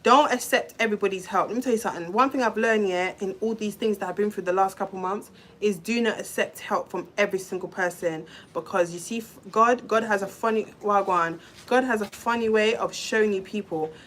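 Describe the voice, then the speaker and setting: A woman's voice: mid-range voice, brisk, fairly bright tone, a little hiss or hum. Woman, young adult, London accent, vlogger, heated emotional rant, swearing.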